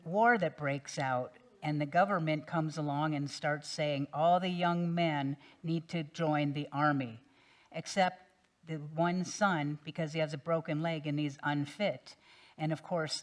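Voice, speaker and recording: A woman minister telling a parable during a sermon in a relaxed, gentle storytelling manner. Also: low voice, a little slow.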